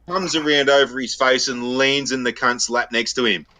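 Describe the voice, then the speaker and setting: A man's voice: mid-range voice, fairly even intonation, normal speed, bright, forceful tone. A man with an Australian accent, telling crude stories in a casual podcast chat, swearing freely and laughing at his own jokes. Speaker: podcast co-host. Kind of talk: casual storytelling banter.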